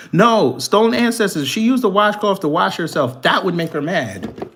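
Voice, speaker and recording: A man with a fairly high voice hosts a live commentary stream, reading news aloud and answering his chat. His delivery is animated and profane, and it is broken often by laughter. He addresses his viewers directly, as if talking to them across the room. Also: a little slow. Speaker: commentary channel host.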